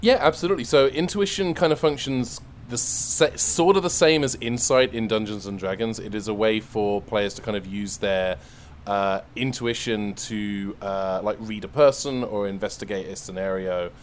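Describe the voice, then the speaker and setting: A man with a low voice explains a game rule, hedging with lots of fillers. A faint hiss runs behind the remote recording. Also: normal speed. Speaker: player.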